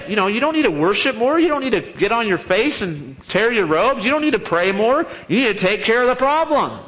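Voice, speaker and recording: A man preaches a sermon to his congregation, with a voice a little higher than most men's. He tells the story in a lively, joking way and throws himself into the quoted lines with a raised voice. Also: rough recording. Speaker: pastor.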